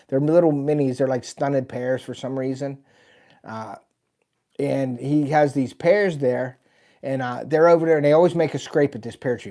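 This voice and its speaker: A man's voice: mid-range voice, mellow. Folksy man telling hunting stories. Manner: rambling, folksy, lots of "and, uh". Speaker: host of a hunting channel. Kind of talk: casual storytelling on a livestream.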